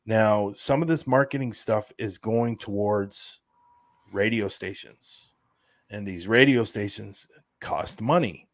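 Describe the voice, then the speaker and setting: A man's voice: lowish voice, takes it slowly, no room sound, studio quality. A man explaining plans as a guest in a casual podcast interview, rambling with plenty of fillers. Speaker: guest, event organizer.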